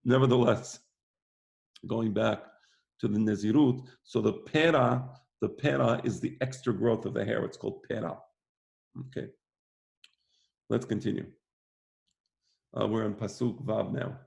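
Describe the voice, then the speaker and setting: A man's voice: lowish voice, fairly even intonation, measured pace, creaky, long pauses, a little mellow. A man teaching a religious class in an informal, conversational way, often repeating phrases for emphasis. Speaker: rabbi teaching a weekly class. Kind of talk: informal lecture.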